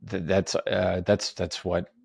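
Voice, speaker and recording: A man, an attorney and author, calmly explaining communication advice on a podcast in a measured, step-by-step way. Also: sits low, gravelly. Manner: calm, measured, lists steps and gives example phrases.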